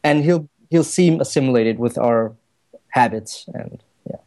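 A man from Germany co-hosting a casual podcast chat, his voice dark and mellow at a middling pitch. He talks freely, laughs easily and slips into put-on voices to make a point. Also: a little slow. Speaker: podcast co-host.

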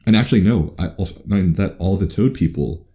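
A man in casual podcast chat, playful and teasing, talking with animated emphasis. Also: sits low, brisk. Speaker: podcast co-host.

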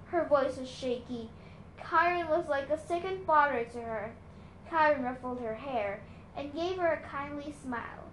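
A woman's voice: high-pitched, normal speed, fairly bright tone, a little hiss or hum. A woman reading a novel aloud in plain storytelling, with small slips, recorded at home in an echoey room. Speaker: reader.

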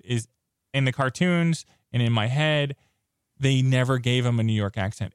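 Excitable man in dry movie chat. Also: medium pitch, clean tone, dry recording. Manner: excitable, rambling fan talk with restarts. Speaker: podcast co-host. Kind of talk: casual movie review chat.

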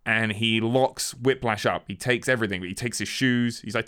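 A man casually recapping a film, acting out the characters' lines with animated energy. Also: mid-range voice, fairly quick, few pauses, clean tone. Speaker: podcast co-host recapping a film. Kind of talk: casual chat.

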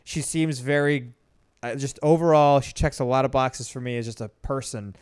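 A man's voice: medium pitch, fairly even intonation, moderate pace, a little mellow, smooth, no echo, studio quality. A man co-hosting a podcast in casual chat, talkative and swearing freely. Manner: chatty, swears, frequent laughs and restarts. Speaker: podcast co-host.

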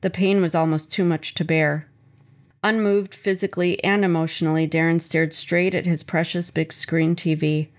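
A woman reading a chapter of her own memoir aloud in a measured, earnest first-person voice. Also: on the low side, flat delivery.

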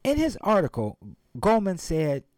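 A man's voice: high-pitched, huge pitch swings, moderate pace, a little mellow, no echo. A man giving a motivational speech and retelling a story, emphatic and speaking straight to his audience. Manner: emphatic, addresses the audience directly.

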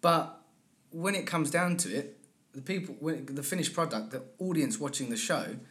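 A man, an accent and dialect coach, talking through his work in a relaxed interview, acting out the people he quotes and repeating phrases to land a point. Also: on the high side, moderate pace. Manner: animated storyteller who acts out quoted people. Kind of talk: conversational interview.

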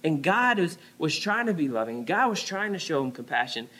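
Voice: medium pitch, very animated, normal speed, fairly bright tone. A pastor preaching a conversational sermon, often dropping to a near-whisper on key words.

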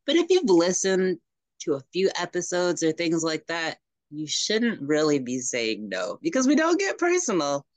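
A woman co-hosting a podcast, speaking in an expressive, matter-of-fact way. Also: on the low side, moderate pace, no room sound. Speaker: podcast co-host. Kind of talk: casual conversation.

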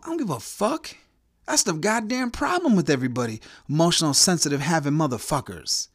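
A man rants on a podcast in a crude, heckling, foul-mouthed monologue. His pitch swings widely as he works himself up. The sound is dry and close, with no room around it. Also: big pitch swings, brisk, a bit bright, no room sound. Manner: angry, crude, heckling rant. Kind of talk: profane ranting monologue.

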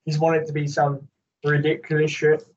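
A man in casual podcast chat with a slightly raised pitch. He talks in a sweary, animated way and slides into rants. The voice sits back from the microphone on a dull, lo-fi recording. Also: a little fast. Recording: distant, dull lo-fi mic.

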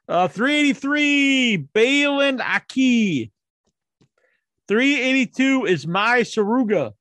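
A man's voice: high voice, fairly bright tone, no room sound. A man hosting his own show, counting down a ranking with jokey, rambling, crude asides. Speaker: host counting down a wrestler ranking. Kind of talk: casual solo commentary.

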